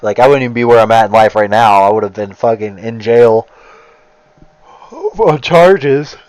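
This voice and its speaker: A man's voice: medium pitch, animated, normal speed, darkish tone, clear, resonant tone, no room sound, low-quality recording. Profane rambling man telling a story. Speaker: gamer streamer. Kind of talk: casual storytelling while gaming.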